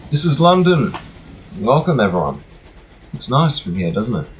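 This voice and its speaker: A man's voice: mid-range voice, very animated, normal speed, long pauses. A man narrating a video game, reading its text aloud with mock-dramatic flourishes and dry joking asides. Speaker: gameplay narrator. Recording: faint music behind, slightly tinny room.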